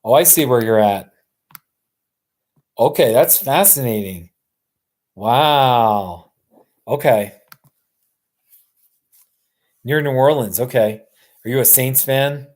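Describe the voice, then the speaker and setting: Slow, rambling man chatting with viewers. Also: mid-range voice, darkish tone. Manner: rambling, answers viewers' comments. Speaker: livestream host. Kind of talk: casual livestream chat.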